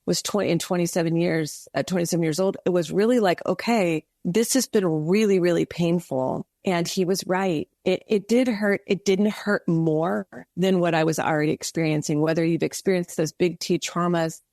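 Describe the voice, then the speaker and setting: A woman guest on a podcast, telling an earnest, animated faith story with many restarts. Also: on the low side, normal speed, hardly any pauses, dry recording, clean studio sound. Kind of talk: faith testimony in casual interview.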